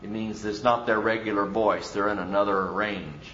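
A man's voice: on the low side, steady tone, normal speed, a bit bright, a little hiss or hum. A man, a pastor, preaching a conversational sermon full of rhetorical questions and mock voices. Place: church. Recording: roomy, dull church recording.

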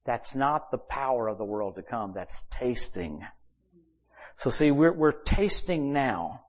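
A man preaching at a church service, telling personal stories and acting out quoted dialogue with sudden jumps in loudness. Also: medium pitch, slow pace. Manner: animated storyteller who acts out quoted dialogue with sudden shifts in loudness. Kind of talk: sermon storytelling.

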